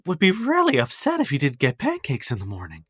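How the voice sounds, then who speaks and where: A man's voice: a little high, huge pitch swings, fairly quick, a bit bright, breathy edge, dry recording, full character voice. A man voicing a flustered, kind, motherly halfling woman cook who fusses, apologises and soothes.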